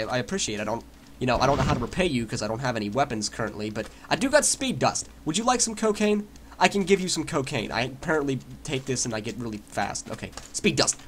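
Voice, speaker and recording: A young man narrates his gameplay in a loud, excited rush, trash-talking and cheering himself on. His pitch jumps all over the place. Faint mouse clicks sit under his voice. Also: a little hiss or hum. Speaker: gaming YouTuber.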